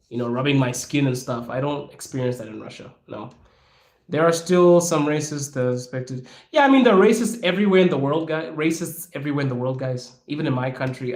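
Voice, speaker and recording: A young adult man from Africa hosting a podcast, answering listener questions in a frank, animated, casual way and laughing often. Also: mid-range voice. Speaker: podcast host. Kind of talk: casual Q&A talk. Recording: echoey room.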